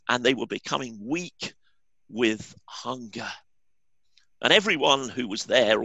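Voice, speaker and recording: A man's voice: medium pitch, creaky, bright, forceful tone, no room sound. A male pastor preaching a sermon in an earnest, emphatic way.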